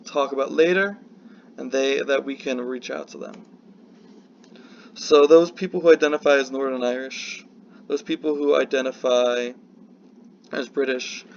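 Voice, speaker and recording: A man delivers casual political commentary, his mid-range voice rough with vocal fry. He wanders off track and interrupts himself with apologetic asides. The recording sounds slightly muffled, with a faint hiss underneath. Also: mid-range voice, fairly bright tone. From United States. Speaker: political vlogger.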